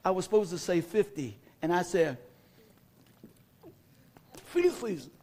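Before a congregation in a church hall, a man preaches with the flair of a storyteller, dramatizing a humorous personal anecdote, putting questions to the listeners, and then reading from scripture. His high voice moves fairly fast over a noisy background.

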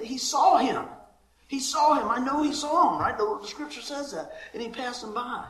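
A man opens his sermon with a funny personal story, laughing as he goes and acting out everyone in it. His voice sits high and sounds bright and forceful. The room gives it a roomy echo. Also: normal speed. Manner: lively storyteller, laughs often, acts out the people in his story. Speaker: pastor.

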